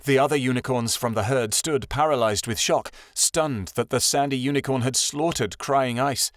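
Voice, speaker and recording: A man narrates a fantasy audiobook in a steady, even storytelling read. His voice sits at a middling pitch for a man. The recording is dry and close, with no room around it. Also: normal speed, dry recording.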